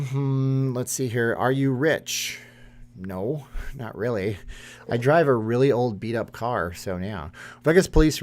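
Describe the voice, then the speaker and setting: A man's voice: mid-range voice, darkish tone. A man, hosting a casual live stream and reading chat comments aloud in a rambling way. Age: 30s.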